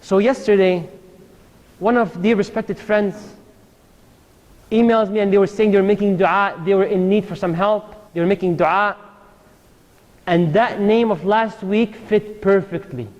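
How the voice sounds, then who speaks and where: A man's voice: high-pitched, steady tone, measured pace, long pauses, darkish tone, lo-fi sound. A man giving a casual, joking sermon straight to a live crowd in a hall. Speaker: Islamic lecturer. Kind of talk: lively sermon to a live audience. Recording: long hall reverb.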